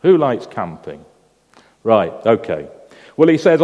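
A man's voice: on the low side, big pitch swings, slow, mellow. A man preaching a sermon to a congregation, telling stories and asking the listeners questions. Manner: storytelling, asks the congregation questions. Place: church hall with a congregation. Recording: long hall reverb.

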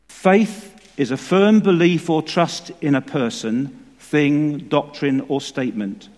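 A man preaching a sermon in a church, measured and emphatic. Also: a little high, darkish tone. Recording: long reverb of a church hall.

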